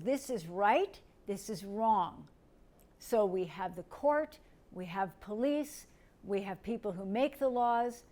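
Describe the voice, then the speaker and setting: A middle-aged woman from the United States, teaching a lecture in a gentle, step-by-step way and asking her listeners questions. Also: on the high side. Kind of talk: recorded lecture.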